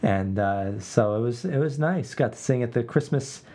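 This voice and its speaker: A man's voice: medium pitch, lively intonation, moderate pace, mellow. A man co-hosting a casual home podcast, easygoing and dryly joking. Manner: easygoing, dry joking, many restarts. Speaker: podcast co-host and radio worker. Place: home podcast room with blankets on walls.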